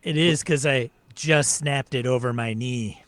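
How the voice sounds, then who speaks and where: A man playing a tabletop game online with other players, brash and loud, laughing at his own moves. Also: mid-range voice, measured pace, no room sound.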